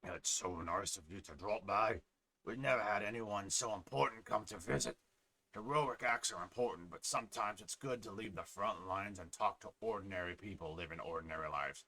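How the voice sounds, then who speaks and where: A man's voice: fairly low pitch, moderate pace, bright, forceful tone. A man voicing a friendly middle-aged village fisherman, talking in a plain, homely way. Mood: warm.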